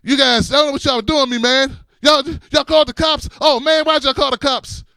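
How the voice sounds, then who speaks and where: A man's voice: extremely high pitch, fairly even intonation, a little fast, vocal fry, dry recording, studio quality, voice pushed up, exaggerated voice. A man voicing an angry man in a wheelchair who cusses out the strangers helping him. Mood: panicked. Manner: cussing, shouted protest. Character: angry adult man in a wheelchair, cussing, indignant.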